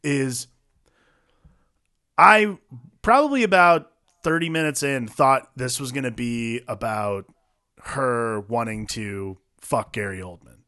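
A man's voice: medium pitch, slow pace, long pauses, sharp tone. A man co-hosting a casual movie review podcast, rambling and profane, full of fillers. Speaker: podcast co-host.

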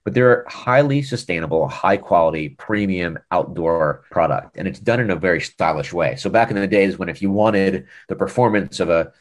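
A man with a deep, low American voice recounts a business story in easygoing interview talk. He is a lively storyteller who slips into the voices of the people in his anecdotes. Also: normal speed, few pauses. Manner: animated storyteller, acts out quoted dialogue. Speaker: former e-commerce director, podcast guest.

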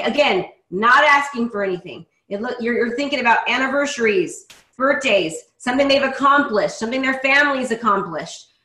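Peppy woman coaching agents, bright voice, keeps saying right? okay?, roomy echo. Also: fairly high pitch. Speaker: real estate coach.

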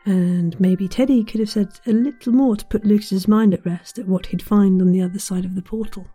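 A woman reading a children's bedtime story aloud, with gentle, chatty asides to the listener. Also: medium pitch, steady tone, brisk, slightly rough, faint music behind.

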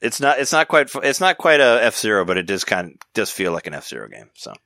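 A man's voice: lowish voice, sing-song, fairly quick, vocal fry, sharp tone, no echo, studio quality. A man hosting a podcast, chatting casually in a rambling way, with many restarts and easy laughs. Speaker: podcast host. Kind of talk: casual chat.

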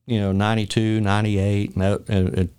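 Guy host chatting, low voice, kinda halting as he remembers stuff. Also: little pitch movement, a little mellow, clear, resonant tone. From Macon, Georgia area. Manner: reminiscing, halting with restarts. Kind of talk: casual interview chat.

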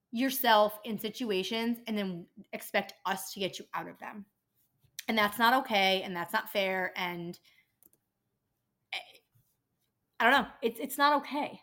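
On her podcast, a dental office worker with a fairly high, strained and bright voice lets loose about her patients, ranting casually, exasperatedly and with plenty of profanity.

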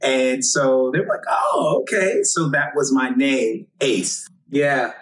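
A young man, a singer from Los Angeles, telling stories in an interview, animated and quick to laugh. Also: medium pitch, far from the mic, rough recording. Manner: animated, acts out quotes, laughs often. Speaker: singer, guest. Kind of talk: storytelling interview.

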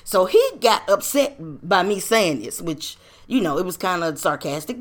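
Animated woman telling a story. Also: mid-range voice, moderate pace, hardly any pauses. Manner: animated, slangy and profane, rhetorical questions. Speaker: podcast host. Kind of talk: casual personal storytelling.

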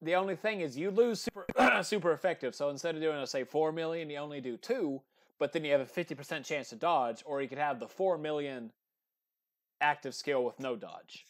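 A man hosting a casual podcast, explaining game tricks in a relaxed, conversational way on a computer mic over a remote call. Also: on the high side, brisk. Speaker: podcast host.

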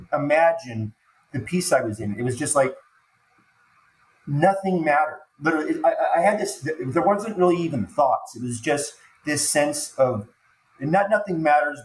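A man, a podcast guest, telling an emotional personal story in halting speech, stumbling and repeating words when he gets moved. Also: fairly high pitch, expressive, slight background noise. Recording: echoey room with faint ambience.

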